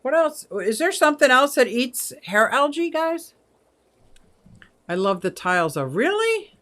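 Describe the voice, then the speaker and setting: A woman's voice: sits high, very animated, measured pace, fairly bright tone. A woman in her sixties hosting a casual livestream, chatty, laughing often and reading viewer comments aloud. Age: 60s. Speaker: aquarium channel host.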